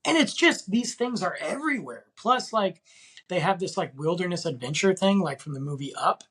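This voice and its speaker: A man's voice: high-pitched, animated, normal speed, fairly bright tone, husky. A man hosting a podcast, talking in a casual, rambling and enthusiastic way full of slang. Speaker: podcast host.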